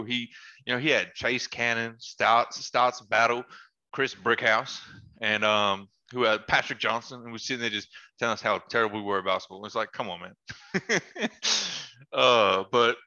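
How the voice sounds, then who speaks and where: A man with a bright, forceful voice tells relaxed stories on a podcast, mixing in slang and laughing easily. The audio is dull and lo-fi. He talks like he is among old friends. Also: mid-range voice, a little fast. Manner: laid-back, laughs often, slangy asides. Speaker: podcast guest, former basketball player. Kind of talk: casual storytelling chat.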